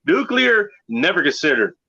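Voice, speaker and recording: A man hosting a livestream talks in a lively, swooping voice, bright and a little forceful. His chat is loose, rambling and full of swearing. The audio is dull and lo-fi. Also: a little high, normal speed, vocal fry. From Pacific Northwest of the US. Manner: profane, rambling, animated. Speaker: livestream host.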